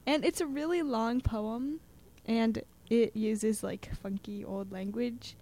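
A woman's voice: a little high, slow pace, warm tone. A young woman chatting casually as a student guest, with lots of fillers, acting out little quotes as she talks. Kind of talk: casual chat about poetry.

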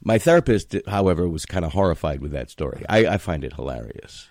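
A man's voice: deep voice, expressive, fairly quick, creaky, darkish tone, dry recording, clean studio sound. A man hosting a casual chat, telling family anecdotes and acting out voices in them. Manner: storytelling, acts out voices in anecdotes.

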